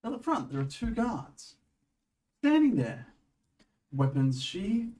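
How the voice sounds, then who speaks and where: Give me a man running a tabletop game, halting and restarting, recorded a bit off-mic. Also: sits high, sing-song, a little mellow, distant mic, rough recording. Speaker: game master.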